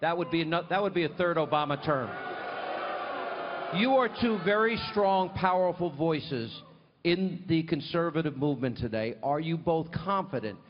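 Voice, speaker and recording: A man's voice: a little high, expressive, normal speed, background noise. A man hosting a live televised interview, asking long, emphatic questions with frequent restarts. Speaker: TV host. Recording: muffled live mic with hall reverb.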